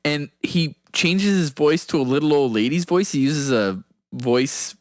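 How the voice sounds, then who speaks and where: A man's voice: on the high side, measured pace, no echo, clean studio sound. A man co-hosting a podcast in casual chat, telling a rambling story and laughing often mid-sentence. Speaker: podcast co-host.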